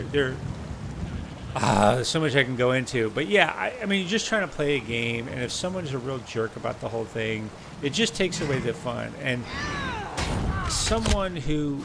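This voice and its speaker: Casting: American male game streamer, casual and rambling, gravelly edge, faint hum behind. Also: medium pitch. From United States. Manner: chatty, rambling, many fillers and restarts. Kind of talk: live-stream gameplay commentary.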